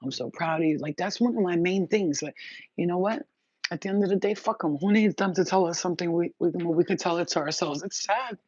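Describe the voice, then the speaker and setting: A woman's voice: fairly low pitch, fairly quick, a little mellow, breathy edge, no echo. A woman vlogging to her viewers, venting emphatically and profanely in a rambling monologue. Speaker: spiritual vlogger. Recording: dull, dry lo-fi recording.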